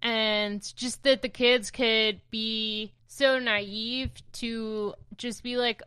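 A woman's voice: fairly high pitch, steady tone, extremely slow, few pauses, sharp tone, clean tone. A woman in casual chat about a comic book, making wry, sarcastic asides. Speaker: comic book podcast co-host.

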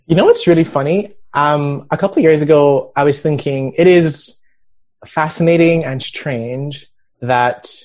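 A man's voice: fairly high pitch, unhurried, a little mellow. A man hosting a podcast, chatting loosely and teasing his co-hosts. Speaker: podcast host. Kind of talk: casual podcast chat.

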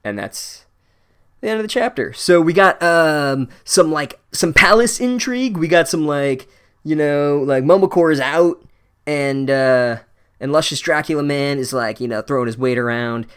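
A man's voice: on the high side, moderate pace, fairly bright tone, smooth. Sarcastic swearing man recapping a book. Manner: sarcastic, profane, rambling with many "like"s. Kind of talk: comedic chapter recap.

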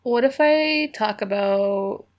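A young woman co-hosting a podcast, chatting casually and excitedly, gushing and swearing freely. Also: mid-range voice, slow pace, highs cut off. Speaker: podcast co-host. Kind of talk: casual chat.

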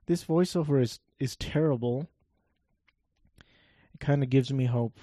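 A man giving rambling, wry gameplay commentary in a flat, monotone voice, swearing offhandedly as he talks. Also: medium pitch, a little slow, no echo, clean studio sound.

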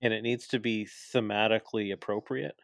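Brief: young male co-host, lowish voice, dry close sound, opinionated rambling talker. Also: fairly even intonation, a little fast, vocal fry, dry recording. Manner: opinionated, explains at length with many fillers. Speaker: podcast co-host. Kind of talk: casual chat.

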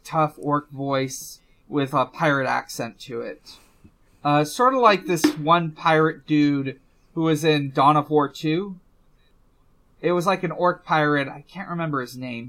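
A man in casual podcast chat, talking slowly and unhurriedly, pausing often to hunt for words. His voice sits a little high and sounds bright and forward. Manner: hesitant, many fillers and restarts. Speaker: podcast co-host.

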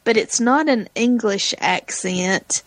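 A woman's voice: on the high side, slow pace, dry recording. A woman co-hosting a podcast, asking hesitant questions in casual chat. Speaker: podcast co-host.

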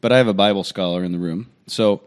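Man in his thirties, priest-host on a podcast; lowish voice, easygoing rambling banter. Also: fast talker. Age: 30s. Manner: joking, rambling, self-deprecating.

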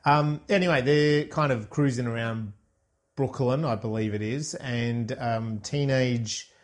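With a mid-range voice and a measured pace, this podcast co-host chats casually about a film. He rambles through scene recaps and keeps correcting himself.

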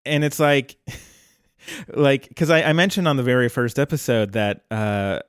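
A man hosting a podcast, casually retelling a cartoon episode at length in a relaxed storytelling manner. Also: mid-range voice, measured pace, clear, resonant tone, no room sound, clean studio sound. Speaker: podcast host.

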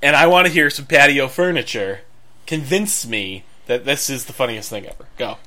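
Bright, playfully grand man co-hosting. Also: medium pitch, expressive, normal speed. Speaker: podcast co-host. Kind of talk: casual chat.

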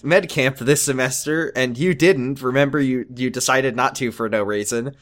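A man's voice: medium pitch, moderate pace, few pauses. A man co-hosting a casual podcast, wryly retelling episode scenes. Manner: wry, lively storytelling. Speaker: podcast co-host. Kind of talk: casual recap chat.

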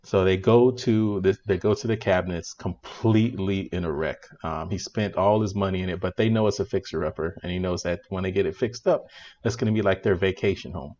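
Man, lowish voice, chatty movie-review co-host, laughs a lot, dull lo-fi sound. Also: brisk. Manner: animated, laughing retelling with restarts. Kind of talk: casual movie review chat.

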